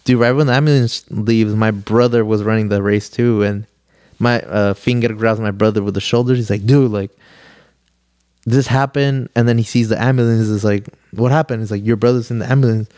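A man's voice: on the low side, fairly even intonation, fairly quick, a little mellow, no echo, clean studio sound. A young man, a podcast guest, telling a story in a rambling, casual way, full of "like" and swearing. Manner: rambling, heavy use of "like", swears freely.

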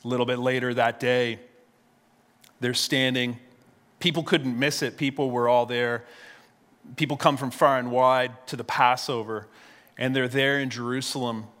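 Male pastor, conversational storytelling sermon, mid pitch, long hall reverb. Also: fairly even intonation, normal speed, pauses often, fairly bright tone. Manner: conversational, repeats words at restarts.

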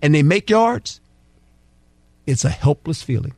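A man with a high, lively voice breaks down football on a sports talk show, close and dry on the mic. He is emphatic and folksy and slips into quoted dialogue as players and coaches. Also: a little slow, dry recording. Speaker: football analyst guest.

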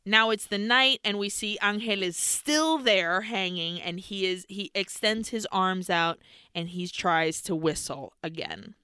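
A woman's voice: mid-range voice, measured pace, clear, resonant tone, no echo, studio quality. A woman co-hosting a podcast, animatedly retelling a film plot with lots of swearing and bits of Spanish. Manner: animated, profane storytelling with Spanish slipped in. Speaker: podcast co-host. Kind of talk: casual film recap.

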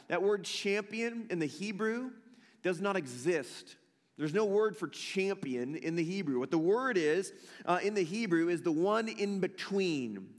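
A man's voice: a little high, lively intonation, normal speed, big-room sound. A male pastor preaching a sermon, telling a story with emphasis and repeating key phrases.

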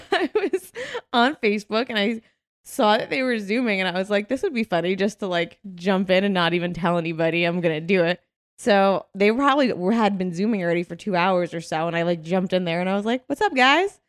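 A young woman co-hosting a podcast, rambling through a story with frequent laughter and filler words. Her voice is at an everyday middle pitch and sounds close and dry, with no room around it. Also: fairly quick, no room sound. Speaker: podcast co-host. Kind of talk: casual podcast chat. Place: home.

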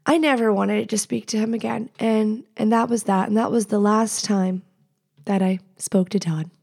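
A woman's voice: medium pitch, normal speed, vocal fry. Woman in her 30s hosting a solo podcast, swears a lot, chatty and candid. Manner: candid and profane, animated asides. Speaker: podcast host. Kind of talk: casual solo podcast storytelling.

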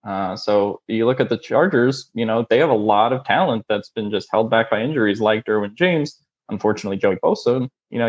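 A man's voice: medium pitch, highs cut off, natural voice. A man playing an upbeat male football coach candidate, speaking casually with many fillers. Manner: casual, lots of "you know". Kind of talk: comedic mock job interview.

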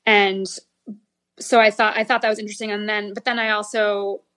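A woman's voice: mid-range voice, level tone, fairly quick, fairly bright tone. A woman guest on a podcast, a food critic from the United States, chatting casually, laughing often and restarting her sentences. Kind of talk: casual chat.

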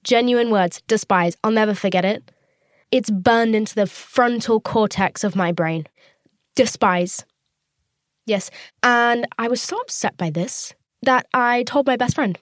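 A woman's voice: a little high, normal speed, no echo, clean studio sound. A woman in her twenties, hosting a podcast from her parked car, telling a candid, profane story in a chatty way. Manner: candid, chatty and profane, acting out quoted voices. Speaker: podcast host. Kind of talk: casual storytelling monologue.

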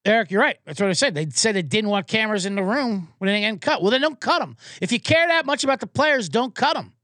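Fired-up, high-voiced male podcast host. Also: animated, fast, a bit bright, no room sound, studio quality. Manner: profane, fired-up ranting. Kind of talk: comedic sports rant.

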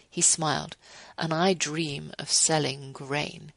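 A woman in her fifties hosts a radio show, reading a passage aloud and then offering earnest, gently devotional closing remarks. Her voice is low-pitched with fairly even intonation, and she takes it slowly; the audio has no echo but is poor quality.

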